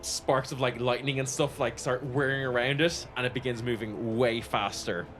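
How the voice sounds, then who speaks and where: A man narrating as game master, relaxed and rambling with fillers. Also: medium pitch, normal speed, soft background music.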